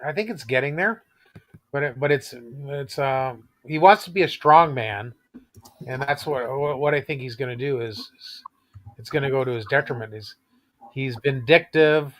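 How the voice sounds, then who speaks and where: A man's voice: medium pitch, moderate pace, fairly bright tone. A man from Canada in a casual group chat, talking freely and laughing between thoughts. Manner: chatty, laughs often, restarts sentences. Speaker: chat participant.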